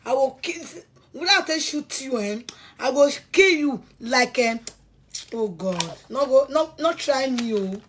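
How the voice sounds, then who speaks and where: A woman's voice: high voice, lively intonation, measured pace, husky. A woman with a Nigerian accent delivering a heated, threatening rant, repeating herself often. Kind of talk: angry rant to camera.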